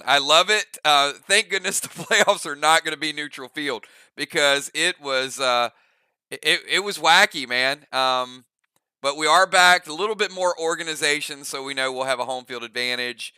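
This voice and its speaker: A man hosting his gaming channel in casual chat, excited and quick to laugh, with lots of fillers and restarts. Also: a little high, clean tone, no echo.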